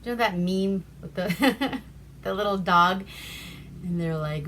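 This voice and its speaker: A woman from Alaska hosting a casual movie recap. She rambles, swears freely and keeps a deadpan tone. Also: fairly low pitch, a little slow, a little hiss or hum. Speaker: host.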